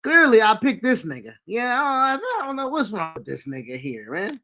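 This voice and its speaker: A man co-hosting a wrestling podcast in casual chat, loudly ribbing his partner and swinging between shouting and low mumbles. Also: wildly swooping pitch, normal speed, hardly any pauses, dry recording. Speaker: podcast co-host.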